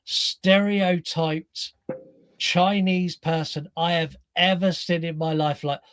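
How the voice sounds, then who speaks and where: A man's voice: fairly high pitch, unhurried, clean tone, no room sound, studio quality. A man co-hosting a podcast, chatting casually about a film and acting out his reactions as he tells it. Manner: animated storyteller, acts out reactions. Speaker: podcast co-host.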